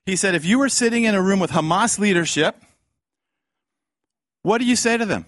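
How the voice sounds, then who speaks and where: A man preaching a fiery sermon, swinging between loud outbursts and hushed lines and acting out the voices he quotes. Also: high voice, a little fast, no echo, clean studio sound.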